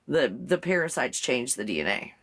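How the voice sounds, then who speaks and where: Gravelly-voiced woman rambling on a live stream. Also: sing-song, normal speed. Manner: rambling, giggly, chatty, talks to her dog in a high baby voice. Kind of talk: casual live-stream chat. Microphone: phone.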